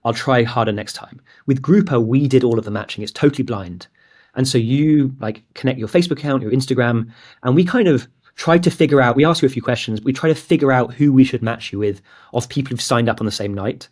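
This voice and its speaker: A man's voice: mid-range voice, fast, darkish tone. A man in his twenties from England, telling a candid, rambling startup story in a casual interview. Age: 20s; late 20s. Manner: candid, rambling, heavy use of "like". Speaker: guest, startup founder.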